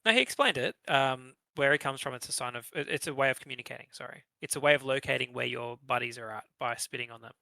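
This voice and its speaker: A man's voice: mid-range voice, quick pace, creaky, hardly any pauses, bright, forceful tone, no room sound, low-quality recording. A man playing in a tabletop game, rambling with lots of fillers. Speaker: player.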